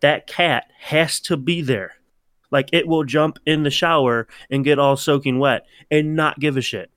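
Lively man, podcast co-host. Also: fairly high pitch, unhurried, no room sound, clean studio sound. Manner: animated storyteller, acts out his cat's voice. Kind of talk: casual chat.

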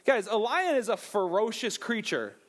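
Casual: high-pitched guy preaching, lively and jokey, talks right to the crowd like they're buddies. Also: moderate pace. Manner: animated, jokey asides to the crowd. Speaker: pastor. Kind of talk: sermon.

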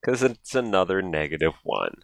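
A man's voice: low-pitched, wildly swooping pitch, moderate pace, gravelly, no echo. A man playing a tabletop game, making short dry remarks in casual chat. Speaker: player.

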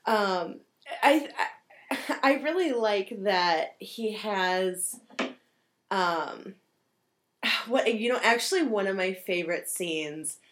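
A woman talking through a film in casual chat, lively and quick to laugh. She slips into the characters' voices to act out her favorite lines, then drops back into her own easy, everyday voice. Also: mid-range voice. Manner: animated, laughs often, acts out quotes.

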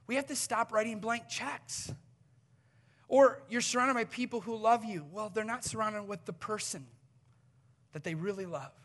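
High bright-voiced pastor preaching. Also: male voice, normal speed. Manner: swings from loud urgent appeals to hushed near-whispers; acts out short quoted exchanges. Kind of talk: sermon.

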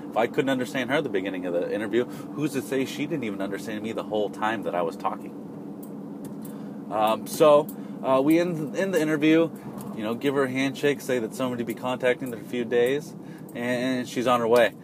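A man's voice: medium pitch, a little fast, noisy background. A man telling a casual personal anecdote in a rambling, self-deprecating way, often restarting his sentences. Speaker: storyteller.

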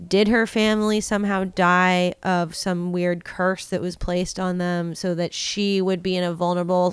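Clear-voiced woman musing about a film. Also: on the low side, dry recording. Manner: thoughtful, musing, many "like" fillers. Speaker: podcast co-host discussing a film. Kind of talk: casual chat.

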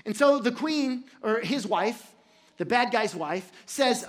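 A pastor retelling a story in a sermon, dramatic and jokey, with bursts of shouting at the high points. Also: animated, slow pace.

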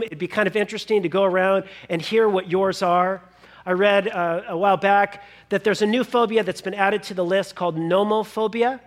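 A man. He retells the story in an animated way and slips into quick acted-out asides for the people in it. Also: sits high. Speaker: pastor. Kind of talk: sermon.

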